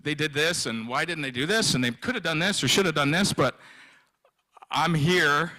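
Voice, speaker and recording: A man in his fifties giving an emotional personal testimony at a live event, halting and often repeating himself. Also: on the high side, pushed and bright, rough recording. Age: 50s. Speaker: guest speaker sharing his story.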